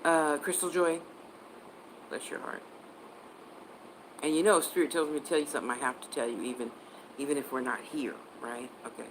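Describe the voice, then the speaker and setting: A woman's voice: low voice, fairly even intonation, fast talker, a little hiss or hum, rough recording. A woman on a casual livestream as a psychic reader, chatting and answering viewer comments, sometimes spelling words out.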